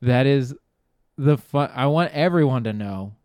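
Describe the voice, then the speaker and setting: Male podcast host, casual storyteller, swears freely, clear and resonant tone. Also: medium pitch, animated, unhurried, darkish tone, no echo, clean studio sound. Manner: rambling, profane, trails off and restarts; laughs at his own jokes.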